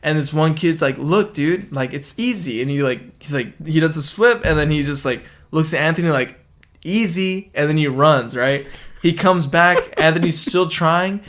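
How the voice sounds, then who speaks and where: A man's voice: a little high, fairly even intonation, normal speed, fairly bright tone. Young male podcast host, loose and profane, storyteller who voices quotes. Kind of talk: casual chat.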